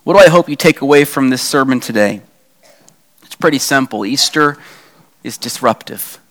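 A man's voice: medium pitch, expressive, normal speed, fairly bright tone. A man preaching a sermon in a conversational way, asking the congregation rhetorical questions and acting out quoted lines. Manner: acts out quoted lines with a raised voice. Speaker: pastor.

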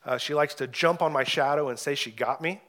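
Earnest preaching man, higher voice. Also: fairly quick. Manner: earnest preaching, swells loud when reading scripture. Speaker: pastor. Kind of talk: sermon.

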